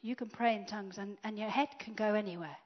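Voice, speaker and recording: A woman preaching a sermon, swinging from loud declarations to hushed whispers. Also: mid-range voice, fast. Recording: dull lo-fi sound.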